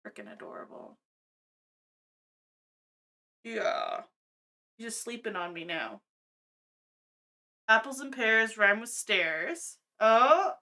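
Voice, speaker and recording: Bright-voiced chatty woman streamer. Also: on the high side, sing-song, takes it slowly, pauses often. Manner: chatty, laughs often, thinks aloud. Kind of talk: casual gameplay commentary. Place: home, cat on her lap.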